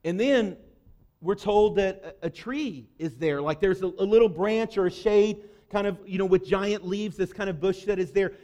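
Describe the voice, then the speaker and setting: A male pastor giving a conversational sermon, acting out the quoted lines with lively energy. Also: high-pitched, moderate pace, lo-fi sound. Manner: conversational, animated preaching with acted quotes.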